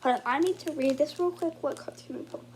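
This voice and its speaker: A woman casually commenting as she opens trading card packs, swinging from muttering to excited squeals. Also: sits high, fast talker, slight background noise.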